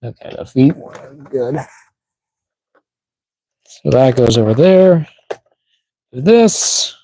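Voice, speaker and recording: A man's voice: mid-range voice, lively intonation, slow pace, mellow, poor audio. A man chatting casually to himself while unboxing toys on a live stream, muttering as he fiddles with the packaging. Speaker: toy collector streamer.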